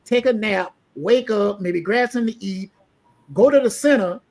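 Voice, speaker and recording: A man's voice: sits high, moderate pace, a little mellow. A man casually chatting with a friend, laid-back and teasing. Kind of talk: casual chat.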